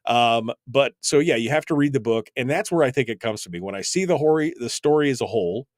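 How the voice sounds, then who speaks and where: A man's voice: mid-range voice, expressive, fast talker, no room sound, studio quality. A man hosting a radio talk show, chatting loosely with many fillers and restarts. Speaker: radio show host and voice actor. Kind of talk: casual radio interview chat.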